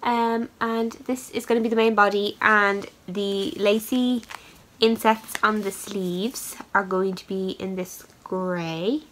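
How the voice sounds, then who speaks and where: A woman's voice: mid-range voice, fairly even intonation, takes it slowly, a bit bright, a little hiss or hum, poor audio. A woman hosts her knitting podcast in a loose, chatty way. She rambles and pokes fun at herself, filling gaps with ums and uhs, in a mid-range voice. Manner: chatty, rambling, self-deprecating with fillers. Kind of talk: casual chat showing yarn.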